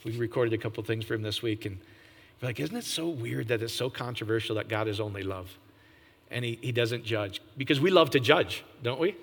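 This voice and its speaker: Animated male preacher in a long reverb. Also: fairly quick. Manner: animated, jumps to high excited pitch, laughs, asks the audience. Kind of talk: informal sermon.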